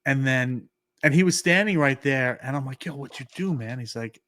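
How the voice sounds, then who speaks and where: A man's voice: medium pitch, moderate pace, no echo. A man tells a story on a podcast, switching into the voices of the people in it and leaning on "like" as he goes. His voice sits in an ordinary middle range. It is recorded dry and close, with no room sound around it. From New York. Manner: animated, acts out quoted dialogue, many "like" fillers. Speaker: podcast co-host. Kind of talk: casual storytelling.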